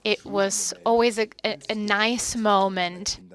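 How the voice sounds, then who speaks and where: A woman interpreting a conference talk live, animated as she acts out soothing words to a child. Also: mid-range voice, slow.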